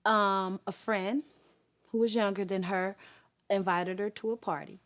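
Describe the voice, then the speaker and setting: A woman in her forties shares a personal testimony in a voice of ordinary pitch for a woman. She speaks earnestly and haltingly, with many pauses and fillers. When she acts out remembered conversations, her voice rises. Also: fairly even intonation, fairly bright tone. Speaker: guest sharing her testimony.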